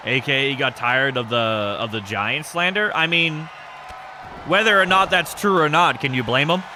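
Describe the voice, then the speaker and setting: A man in his thirties hosting a game stream, chatting casually and answering chat in a rambling, self-described monotone. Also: mid-range voice, measured pace, crowd noise, background noise. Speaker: streamer hosting an e-fed wrestling show.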